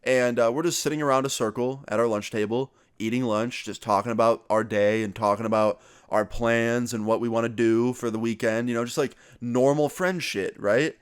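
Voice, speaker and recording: A young man in a casual storytime vlog, talking loosely and swearing freely. His voice sits at an ordinary middle pitch for a man, and he leans into the retold dialogue with animated energy. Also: normal speed, hardly any pauses, clear, resonant tone. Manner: casual, profane, animated retelling. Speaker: youtuber.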